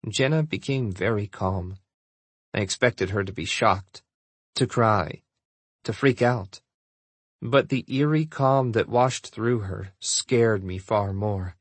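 A man narrating a first-person story in a low, measured way, with a husky voice. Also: no room sound. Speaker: audiobook narrator.

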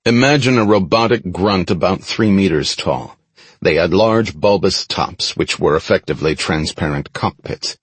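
In a low, husky voice, a man reads a first-person action story for an audiobook, his pitch swinging widely for dramatic emphasis. The recording is close and dry, with no echo.

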